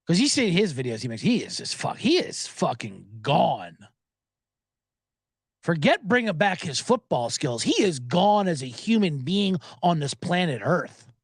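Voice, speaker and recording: A man's voice: fairly high pitch, sing-song, measured pace, breathy edge, no room sound, clean studio sound. A man hosting a sports betting show, talking in a loose, joking, profane ramble full of asides. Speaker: sports betting podcast host. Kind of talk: casual rambling commentary.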